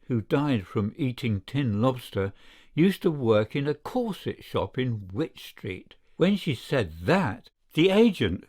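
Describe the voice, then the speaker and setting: A man reading a classic short story aloud as scripted narration. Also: mid-range voice. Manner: slow, lively storytelling delivery. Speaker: audiobook reader.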